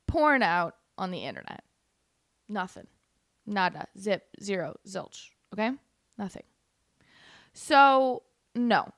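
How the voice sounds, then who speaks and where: A woman's voice: a little high, a bit bright, smooth, no echo, clean studio sound. A young woman from Canada, guest hosting a casual political commentary livestream in a sarcastic, giggly, chatty way and talking to viewers in the chat. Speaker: guest host.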